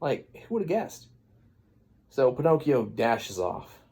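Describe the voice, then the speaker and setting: A man retelling a fairy tale as absurd comedy, rambling with deadpan asides. His voice is gravelly and a little husky. The delivery is unhurried but swings widely in pitch. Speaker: comedian storyteller.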